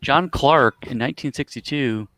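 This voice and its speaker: A man's voice: mid-range voice, normal speed, a crowd in the background. A man playing in an online wargame, chatting casually and making dry, wry remarks. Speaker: wargame player. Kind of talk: casual chat.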